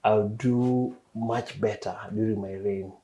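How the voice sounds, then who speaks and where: Gravelly-voiced middle-aged man host. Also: on the low side, steady tone, dark tone, slight background noise, poor audio. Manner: measured questions with frequent ums and uhs. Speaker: podcast host. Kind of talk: interview.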